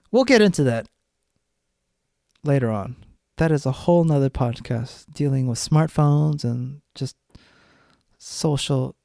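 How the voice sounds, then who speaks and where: A man's voice: on the high side, creaky, no room sound, studio quality. A man hosting a solo podcast, talking bluntly and rambling, with lots of swearing. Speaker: podcast host. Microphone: studio podcast mic.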